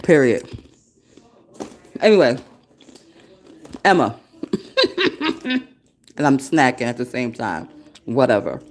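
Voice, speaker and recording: A woman in her forties, a podcast host who founded a café, rambles through a casual solo show recorded on her desktop computer. Her voice is very deep and very animated, and she speaks slowly with frequent pauses, laughing a lot and cursing heavily.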